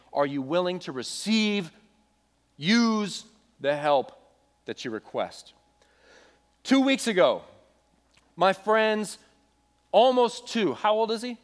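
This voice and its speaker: With a voice that sits high, a young man preaching as a pastor relates a story in an easygoing, lively manner and makes side remarks to the congregation.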